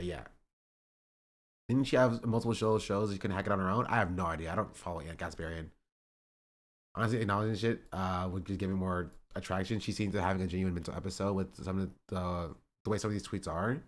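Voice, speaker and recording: A man's voice: sits low, steady tone, quick pace. A male streamer in casual chat, reacting to online drama in a rambling, exasperated way with many filler words.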